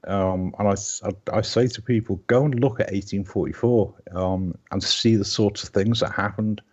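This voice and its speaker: A man in his fifties with a Liverpool accent chats as a guest, his voice sitting a touch low. He rambles and restarts his sentences as he goes. The sound is dull and lo-fi, like call audio. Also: steady tone, normal speed, a little mellow. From Liverpool, England. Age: 50s. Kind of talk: casual live-stream chat.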